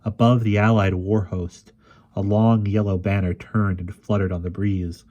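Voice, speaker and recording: A man reads a fantasy novel aloud in a steady, measured way. His voice sits low and sounds dark and mellow. Now and then he restarts a word and carries on. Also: muffled recording. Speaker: reader. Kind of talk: audiobook narration.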